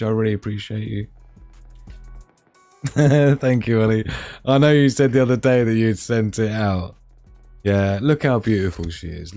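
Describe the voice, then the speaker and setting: Warm in tone with a lowish voice, a man hosts an easygoing live stream. He goes through viewer comments while joking, teasing people with pet names, and laughing frequently.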